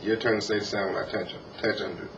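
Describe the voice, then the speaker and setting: A man quietly coaching his young child through letter sounds, gently insisting that the child pay attention. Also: lowish voice, flat delivery, fast. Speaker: parent teaching his child. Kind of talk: home reading lesson. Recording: distant, muffled old tape with hiss.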